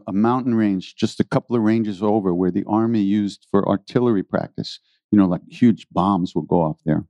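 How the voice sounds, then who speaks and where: A man telling rambling, animated stories to an audience as a spiritual teacher, often laughing. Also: on the low side, no room sound, dull audio. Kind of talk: storytelling talk to an audience.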